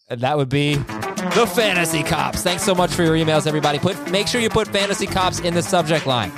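A man hosts a chatty podcast, reading listener emails aloud. His voice sits a bit high and swings widely in pitch. He jokes and laughs as he reads, with soft music playing underneath. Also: brisk. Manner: animated, joking, laughs while reading. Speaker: podcast host.

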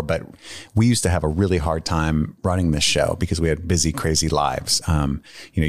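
A man's voice: sits low, no echo, clean studio sound. A man co-hosting a podcast, casually reading listener emails aloud and chatting in a laid-back way, with easy swearing and earnest moments. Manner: sincere and earnest when speaking from the heart. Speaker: podcast co-host.

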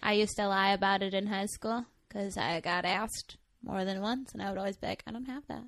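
A woman's voice: mid-range voice, normal speed. A young woman, chatting candidly as a podcast co-host, full of fillers and playful asides. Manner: candid, chatty, animated storytelling with many fillers. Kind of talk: casual chat.

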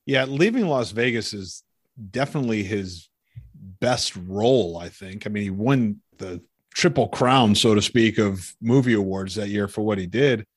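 A man in his forties hosting a casual podcast chat, relaxed and laughing often as he leads the talk. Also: on the low side, moderate pace, slightly rough, dry recording, studio quality. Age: 40s. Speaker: podcast host.

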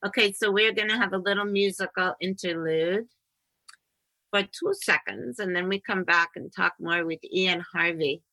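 A woman's voice: fairly low pitch, moderate pace, bright, forceful tone, poor audio. A middle-aged woman hosting a casual interview, chatty and storytelling, laughing often and swearing freely. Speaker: podcast host.

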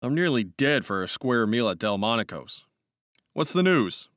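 A man's voice: mid-range voice, big pitch swings, moderate pace, fairly bright tone, dry recording, clean studio sound. A man voicing a brash, breezy young male cavalry officer who speaks in a hearty, impatient way.

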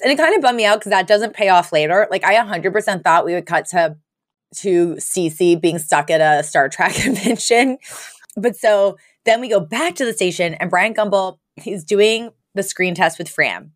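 On a podcast, a woman co-host casually retells a sitcom episode with animated storytelling, acting out the characters' lines and laughing along. Her medium-pitched voice moves at a moderate pace in a clean, dry studio recording.

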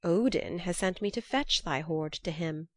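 A woman's voice: fairly low pitch, measured pace, no room sound, close to an everyday voice. A woman reading the lines of a cunning male trickster god in a myth, in a formal, archaic way of speaking.

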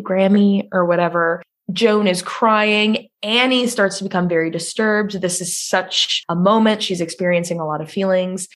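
A woman co-hosting a podcast, recapping a horror film in quick, casual chat with bursts of swearing. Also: lowish voice. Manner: fast, swearing, excitable. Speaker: podcast co-host.

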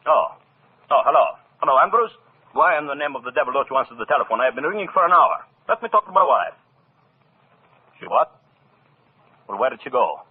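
An actor playing a jealous, paranoid orchestra conductor who broods aloud and barks at others. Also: male voice, lowish voice, big pitch swings, moderate pace, long pauses, slightly rough, exaggerated voice. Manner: suspicious inner monologue, brooding then barking. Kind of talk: 1940s radio acting. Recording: tinny old radio broadcast.

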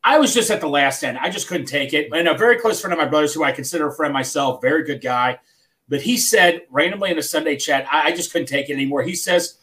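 A man hosting a sports podcast, talking in a rambling, halting way with lots of restarts in casual chat. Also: on the high side, bright, forceful tone. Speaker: podcast host.

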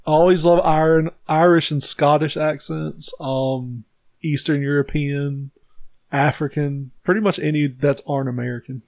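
A man's voice: fairly high pitch, fairly even intonation, normal speed, darkish tone, dry recording. A man co-hosting a podcast, answering listener questions in an easygoing, agreeable way. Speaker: podcast co-host. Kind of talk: casual chat.

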